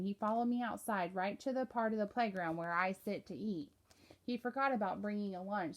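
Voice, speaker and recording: A woman reads a novel aloud in a plain, steady way. Her pitch sits in the middle range, and she keeps an even storytelling pace. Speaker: audiobook narrator.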